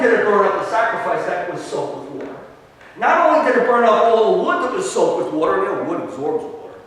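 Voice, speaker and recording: A man preaches a sermon, retelling a story with lively swings between hushed asides and loud emphasis. His voice sits high for a man. It carries through a long, echoing church hall, picked up from a distance with faint ambience behind it. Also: brisk. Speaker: pastor. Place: church sanctuary. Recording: echoey church hall from far off.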